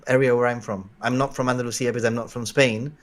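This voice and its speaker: A man's voice: mid-range voice, steady tone, fast. A man from Gibraltar, a guest vlogger explaining things in casual livestream chat with many fillers.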